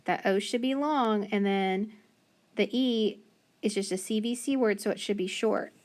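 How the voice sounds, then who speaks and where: A woman teaching a phonics lesson, slowly and patiently sounding out letters and syllables. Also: medium pitch, darkish tone.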